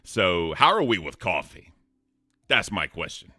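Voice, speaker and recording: A man co-hosting a casual live stream, reading out tips and messages in an animated, cussing way. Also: deep voice, a little slow, dry recording, clean studio sound. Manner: animated, cusses, calls out names and tips. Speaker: co-host reading donations.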